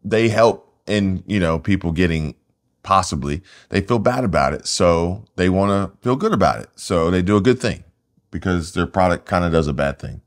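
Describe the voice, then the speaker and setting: A very deep-voiced man co-hosts a loose, casual podcast. He rambles, jokes and fills pauses with ums and uhs. There is no studio microphone, so it sounds homemade. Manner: rambling, jokey, many fillers. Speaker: podcast co-host.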